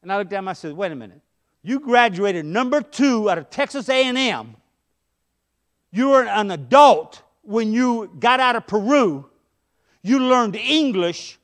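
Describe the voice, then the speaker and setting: High-voiced man preaching a sermon. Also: lively intonation, a little slow, fairly bright tone. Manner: conversational preaching with storytelling asides. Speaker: pastor. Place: church sanctuary.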